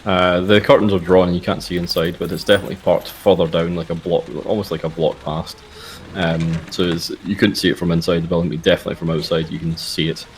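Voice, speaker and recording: A man as game master narrating a tabletop game, relaxed with many fillers. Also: low voice, quick pace, hardly any pauses, slight background noise.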